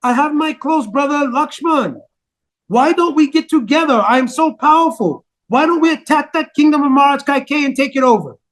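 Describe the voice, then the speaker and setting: A man putting on a scheming old nursemaid, manipulative and bitter, low insinuating scolding, high tone, storytelling epic. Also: normal speed, fairly bright tone.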